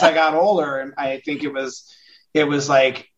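A man's voice: fairly high pitch, moderate pace, a crowd in the background. A man from California in a casual film discussion on a podcast, animatedly acting out the people he quotes. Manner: animated, acts out quoted parents. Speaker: podcast co-host. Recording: dull lo-fi sound.

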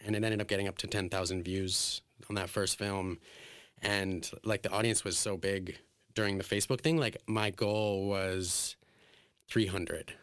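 A man with a somewhat low voice tells stories in a relaxed interview, packing his speech with filler words and acting out quotes. He is emotional and laughs often. The sound is dry and close, with no room echo. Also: normal speed, clean tone. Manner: chatty, full of "like" fillers, acts out quotes. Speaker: drag performer and guest. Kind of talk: casual interview storytelling.

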